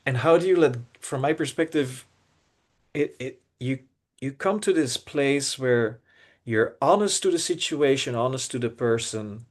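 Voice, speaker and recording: Man co-hosting a podcast, earnest, halting restarts, middle pitch. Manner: earnest, searching, many restarts and repeated words. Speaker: podcast co-host. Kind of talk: reflective casual podcast talk.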